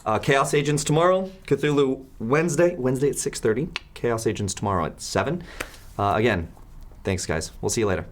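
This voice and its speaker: A man's voice: mid-range voice, fairly quick, slight background noise. A man running a tabletop game, answering viewer questions with a lot of laughter and playful teasing. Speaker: game master. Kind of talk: casual Q and A wrap-up.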